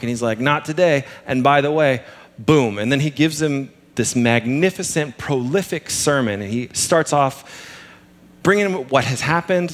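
Male preacher, casual humorous delivery, mid-pitched voice, punchy emphasis. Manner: conversational, humorous, lively emphasis. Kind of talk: sermon.

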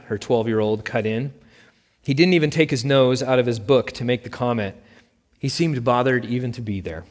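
A man narrates a story with steady, plain delivery at a middle pitch. His voice carries a long reverb tail, as if read in a hall. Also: normal speed.

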